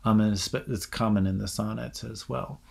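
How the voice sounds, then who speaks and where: A man giving a recorded literature lecture, halting with frequent ums and restarts, now and then reading verse lines aloud. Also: on the low side, fairly even intonation, vocal fry, darkish tone.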